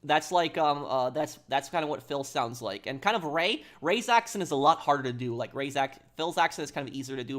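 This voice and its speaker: Man, game streamer, casual chat, rambling, halting, mid-pitched voice. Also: fairly bright tone.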